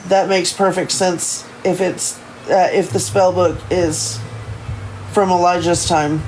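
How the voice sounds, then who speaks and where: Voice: medium pitch, flat delivery, slow, darkish tone, a little hiss or hum, poor audio. Stumbling first-person novel reader. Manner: stumbling first-person narration with frequent self-corrections. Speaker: streamer reading a book aloud. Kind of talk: reading a novel aloud on a livestream.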